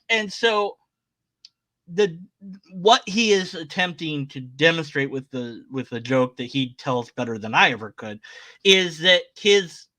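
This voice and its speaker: Animated sarcastic man commenting. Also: on the high side. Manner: sarcastic, animated, exclaiming in disbelief. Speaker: atheist video commentator. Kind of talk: casual reaction commentary.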